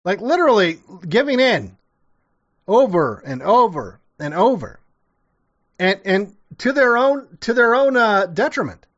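The voice is a fairly high-pitched man, talking loosely and sarcastically with plenty of swearing. He goes back over his own sentences and restarts them often. The audio is dull and lo-fi. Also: sing-song, a little slow, a bit bright. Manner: rambling, profane, sarcastic, with many restarts. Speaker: commentator reacting to an old TV show. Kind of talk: casual reaction commentary.

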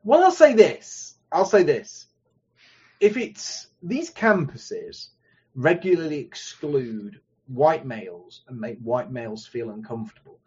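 A man hosting a livestream, speaking in a measured, deliberate way and thanking donors. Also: mid-range voice, big pitch swings, a little mellow, breathy edge, dull audio. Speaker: livestream host. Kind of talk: casual livestream chat, reading donations.

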